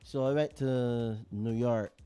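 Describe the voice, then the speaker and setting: Mellow-voiced man in casual chat. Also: medium pitch, takes it slowly, clear, resonant tone, faint music behind. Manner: quiet listener, brief agreements.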